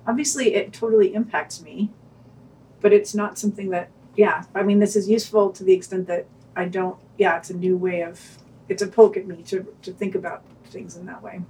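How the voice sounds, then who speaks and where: A woman's voice: mid-range voice, steady tone, a little fast, mellow, recorded from a distance. Woman podcast co-host, wry and hesitant, speaking a little off-mic. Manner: wry, hesitant, restarts her thoughts. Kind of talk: podcast reviews and casual discussion.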